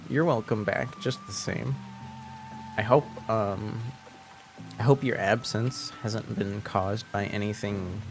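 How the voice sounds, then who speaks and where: A young man with a French Canadian accent talks casually to his stream viewers at a slow, unhurried pace. His speech is soft and halting, full of restarts. Faint music plays underneath. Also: fairly low pitch. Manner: hesitant, many restarts, soft-spoken. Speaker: livestream host. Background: faint background music.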